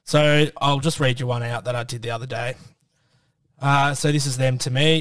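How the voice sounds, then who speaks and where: A man's voice: medium pitch, fairly even intonation, moderate pace, a bit bright, no room sound, recorded from a distance. A man, co-hosting a casual podcast and reading out messages in a playful, mocking way. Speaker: podcast co-host.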